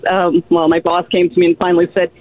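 A soft-spoken woman calling in and telling a casual story about her phone voice. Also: lowish voice, monotone, fast talker. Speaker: caller. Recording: tinny phone line.

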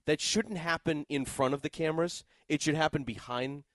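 A man's voice: on the high side, moderate pace, dry recording. A man co-hosting a sports radio show, chatting casually with lots of restarts. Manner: animated, rambling with many restarts. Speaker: co-host.

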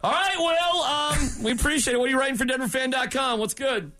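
A man co-hosting a sports radio show, joking loudly and teasing his co-hosts in animated banter. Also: extremely high pitch, fairly quick, no echo, clean studio sound, faint music behind. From Massachusetts. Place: radio studio.

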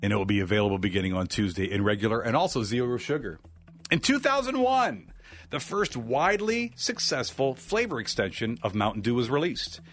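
A man co-hosting a radio morning show, reading out trivia questions in an animated, joking way. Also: medium pitch, soft background music. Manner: animated, reads questions briskly and jokes between them. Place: radio studio. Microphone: studio mic.

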